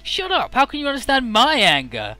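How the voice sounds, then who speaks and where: Man playing a vengeful alien villain, shrill and furious, lively voice, bright edge. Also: brisk, soft background music, full character voice. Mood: bitter.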